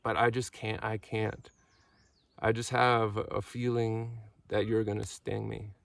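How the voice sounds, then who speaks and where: A man's voice: on the low side, little pitch movement, measured pace, creaky, dry recording, distant mic. A man voicing a wary, polite frog who refuses with hesitant apologies. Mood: apologetic.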